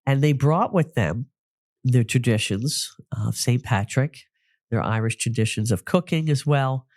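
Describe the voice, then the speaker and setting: A man's voice: mid-range voice, a little slow, a little mellow, dry recording, clean studio sound. A man from New Jersey hosting a podcast, telling stories in a chatty solo talk with frequent restarts. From New Jersey, United States. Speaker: podcast host, psychic medium.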